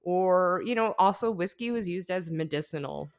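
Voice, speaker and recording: Lower-voiced woman telling a story. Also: expressive, normal speed, clean tone. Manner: chatty storytelling, laughing often. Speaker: podcast host. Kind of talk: casual chat.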